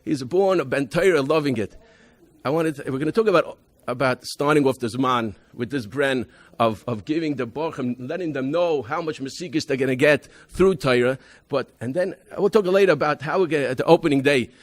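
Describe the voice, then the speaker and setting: Speaking a little fast at medium pitch, a rabbi presents his school program in a convention talk. He relates emphatic stories about his students, restarting many times and weaving in Hebrew and Yiddish terms.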